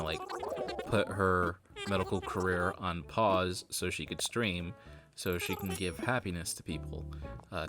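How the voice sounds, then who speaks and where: A man streaming a video game, chatting casually in a rambling, profane, joking way. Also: deep voice. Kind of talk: casual gaming stream chat. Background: game music.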